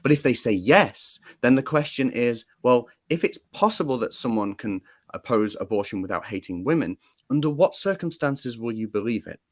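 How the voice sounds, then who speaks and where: A man's voice: mid-range voice, animated, moderate pace. A man with a British accent, guest-hosting a casual political talk show and building his points through rhetorical questions. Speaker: guest host.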